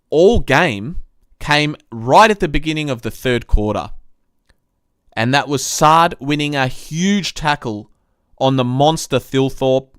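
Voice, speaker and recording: A man's voice: mid-range voice, fairly bright tone, smooth, no room sound, clean studio sound. A young man hosting a live-stream football review, venting frustration with swearing as he recaps the game like a fed-up fan. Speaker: sports review host.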